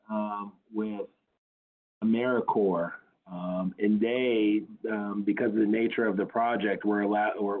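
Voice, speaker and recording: Halting man on a phone line. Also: lowish voice. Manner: halting, many fillers and restarts. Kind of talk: webinar answer. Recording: tinny phone-line audio.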